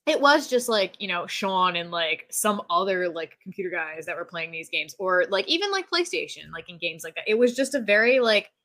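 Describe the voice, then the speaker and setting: A woman in casual podcast chat, talking in an animated rant and saying "like" constantly. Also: on the low side, a little fast, hardly any pauses. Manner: animated ranting, heavy use of "like".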